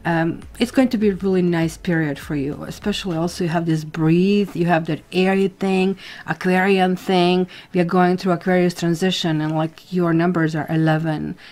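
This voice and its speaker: A woman's voice: on the low side, darkish tone. Chatty woman giving a tarot reading. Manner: chatty, rambling with asides and self-corrections; talks straight to the viewer. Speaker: tarot reader. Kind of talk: casual astrology reading to camera.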